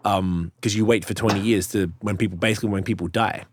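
Aussie dude on a podcast, chill, swears heaps, lowish voice, noisy background. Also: male voice, steady tone, fast. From Australia. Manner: laid-back, swears a lot, laughs often. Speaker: podcast co-host. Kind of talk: casual chat.

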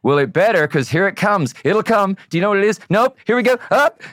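A man being interviewed as a guest musician, telling stories with animated voices for the voice in his head. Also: sits high, a little fast, dry recording. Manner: animated storyteller who acts out an inner voice. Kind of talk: casual interview chat.

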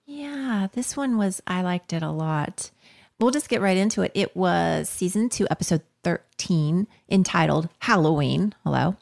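Creaky-voiced woman podcast co-host. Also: lowish voice, animated, darkish tone. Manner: chatty, laughs often, quick asides. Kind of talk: casual chat. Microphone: video call.

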